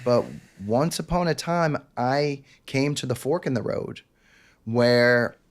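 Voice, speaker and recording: A man, speaking as a guest on an interview podcast. He tells a personal story in a candid, intense, confessional way. He slips into the quoted voices of the people in the story, in a voice of middle pitch. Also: slow, smooth.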